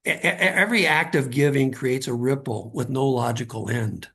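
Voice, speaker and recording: A man's voice: medium pitch, moderate pace, gravelly, bright, forceful tone, slightly rough. A middle-aged man, a guest author, earnestly telling a personal story in conversation and often repeating words as he starts a thought.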